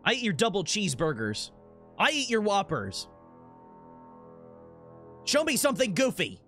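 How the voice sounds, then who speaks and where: A man streaming a game, chatting casually in a rambling, profane, animated rant. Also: high voice, moderate pace, soft background music.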